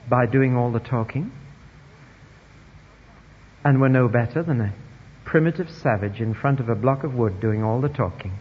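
A man preaching a sermon, emphatic and wry, dropping quiet then rising loud, in a dull, echoey hall recording. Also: medium pitch, slight background noise.

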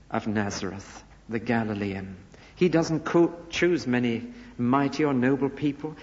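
A man's voice: medium pitch, a little mellow. Male preacher in an echoey hall. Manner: emphatic, rhetorical questions, dramatic rises and drops. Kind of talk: expository sermon. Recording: echoey hall, dull lo-fi sound.

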